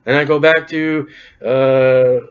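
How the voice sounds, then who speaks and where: A man's voice: mid-range voice, steady tone, slow pace, clean tone. A man preaching a sermon, reading scripture aloud and breaking off for wry, folksy joking asides. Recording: dull lo-fi recording.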